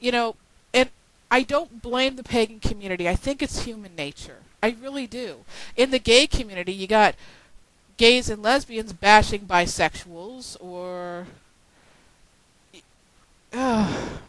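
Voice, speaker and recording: A woman's voice: on the high side, measured pace, a bit bright, no echo, poor audio. Fed-up woman venting on a home webcam, sarcastic, cusses a lot, dry no-room sound. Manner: exasperated, swearing, sarcastic. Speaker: video blogger. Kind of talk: frustrated webcam rant.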